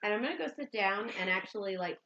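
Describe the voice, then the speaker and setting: A woman's voice: mid-range voice, lively intonation, fast, highs cut off, crowd noise. A woman, the host's wife, bantering casually with him in a teasing, sassy way.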